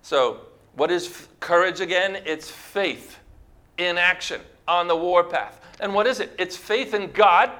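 A man's voice: high-pitched, a little slow, sharp tone. A man preaching a sermon, emphatic and full of rhetorical questions to his congregation.

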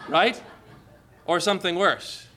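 A man's voice: high voice, slow. A middle-aged male pastor preaching a sermon, retelling scripture dramatically and asking the congregation rhetorical questions. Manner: dramatic scripture retelling with sudden loud cries.

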